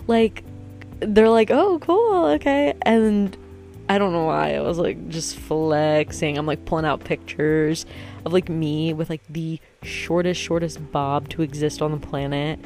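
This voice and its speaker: A young woman with a notably low voice, rambling through a story with lots of fillers and wry jabs at herself. Faint music plays behind her. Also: fairly even intonation, a little slow, a little mellow. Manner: chatty, filler-heavy, self-mocking. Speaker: vlogger. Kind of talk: casual storytelling monologue.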